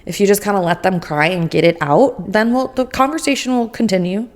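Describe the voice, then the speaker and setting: A woman's voice: medium pitch, fairly quick, darkish tone. A woman co-hosting a podcast in casual chat, laughing often and acting out quoted voices. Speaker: podcast co-host. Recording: uneven sound quality.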